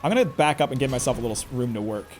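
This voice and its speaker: A man's voice: medium pitch, expressive, racing, darkish tone, faint music behind. A man commentating live on his own gameplay in a chatty way, talking to himself and to the enemy and exclaiming often. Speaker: game streamer.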